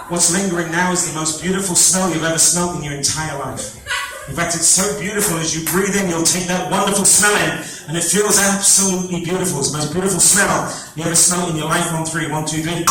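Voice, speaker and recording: A man's voice: a little high, fairly bright tone. A man working as a stage hypnotist at a fair, giving repetitive, coaxing commands to volunteers in a playful live-show patter. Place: fair stage before an audience. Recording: echoey, distant, noisy crowd recording.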